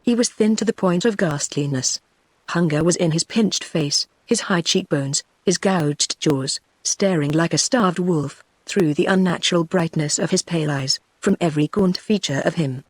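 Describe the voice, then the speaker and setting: A synthetic text-to-speech woman's voice with a British accent, reading a novel as scripted narration in a steady tone. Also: on the low side, normal speed, slightly rough, no room sound. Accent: British English. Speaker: audiobook narrator.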